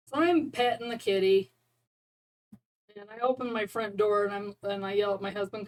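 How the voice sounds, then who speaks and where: A woman's voice: mid-range voice, expressive, a little slow, long pauses, slight background noise, poor audio. A woman chatting casually and rambling, often breaking into laughter. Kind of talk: casual chat about neighborhood cats.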